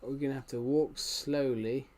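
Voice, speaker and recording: A young man talks casually to his live-stream audience while he plays a game. He rambles and restarts his sentences, often correcting himself. His voice sits at an ordinary middle pitch. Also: fairly even intonation, normal speed, darkish tone. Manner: rambling, self-correcting, chatty with viewers. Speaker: livestreamer.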